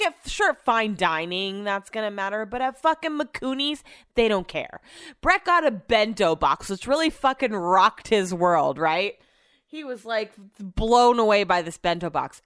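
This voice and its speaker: A middle-aged woman tells a rambling, profane anecdote on her podcast, full of swearing. She mimics the people in the story and keeps clearing her throat. Her voice sits at an ordinary middle pitch and the recording is dry and close. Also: normal speed, no echo. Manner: animated, profane, acts out quotes. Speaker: podcast host. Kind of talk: casual storytelling.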